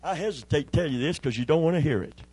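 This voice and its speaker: A middle-aged male pastor preaching a sermon, telling a personal story with emotion and dropping to a hushed voice when he re-enacts a prayer. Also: a little high, lively intonation, fast, husky, poor audio.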